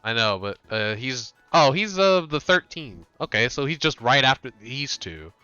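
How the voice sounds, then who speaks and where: A man streaming a video game, chatting casually, laughing often and reacting quickly, close on a desk mic. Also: medium pitch, very animated, pushed and bright, smooth, dry recording, muffled recording, faint music behind. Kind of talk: casual gaming commentary.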